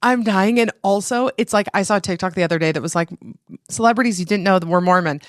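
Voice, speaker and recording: A woman's voice: medium pitch, fast talker, no echo, clean studio sound. A woman from Utah, a podcast guest in casual chat, rambling with many fillers.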